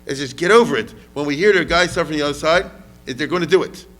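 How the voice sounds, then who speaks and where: A man's voice: fairly high pitch, rapid-fire, fairly bright tone, faint music behind. Chatty male history lecturer. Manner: conversational, asks the audience questions often; mixes in Hebrew words.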